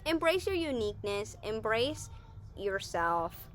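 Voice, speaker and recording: A woman's voice: on the high side, big pitch swings, takes it slowly. A young woman casually chatting in a Q&A vlog, rambling and self-correcting as she talks. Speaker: vlogger.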